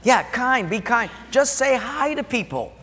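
A man, a pastor, preaching a sermon with animated storytelling and acted-out dialogue. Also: extremely high pitch, measured pace. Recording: long hall reverb.

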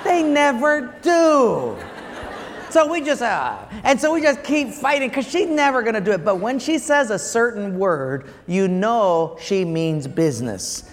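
An older man, preaching a sermon as an animated storyteller who laughs through his anecdotes. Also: very high-pitched, a little slow, a little hiss or hum. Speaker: pastor. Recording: long echoey hall reverb.

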